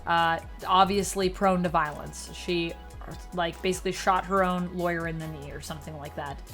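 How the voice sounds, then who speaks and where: A woman giving a casual spoken review of a TV episode, chatty and sarcastic, her voice jumping up and down in pitch and loudness. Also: steady tone, moderate pace, soft background music. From Canada. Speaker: TV show reviewer.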